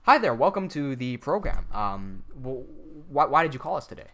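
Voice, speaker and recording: A man's voice: medium pitch, very animated, moderate pace, a bit bright, pitched below the performer's own voice. A man playing an overly polite male course salesman who keeps repeating the caller's name in a scripted way.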